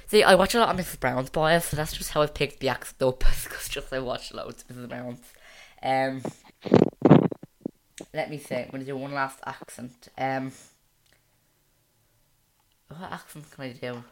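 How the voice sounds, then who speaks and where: A woman with a Dublin accent chats casually as a podcast co-host. Her voice sits low, and she talks loosely with plenty of fillers. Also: measured pace, long pauses. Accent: Dublin Irish. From Dublin, Ireland. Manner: chatty, with many fillers and playful accent attempts. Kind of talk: casual chat.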